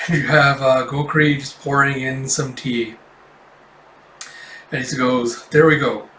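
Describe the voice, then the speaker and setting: A man hosting a casual manga read-through, chatty and relaxed. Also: medium pitch, measured pace, reverberant, a little hiss or hum. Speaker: host.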